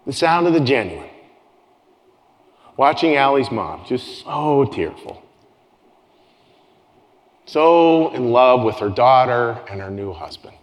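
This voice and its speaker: A man's voice: medium pitch, big pitch swings, slow pace, pauses often. A man preaching a sermon as pastor to his congregation, earnest, often repeating phrases and restarting his sentences. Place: church sanctuary with congregation. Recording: long hall reverb with soft guitar.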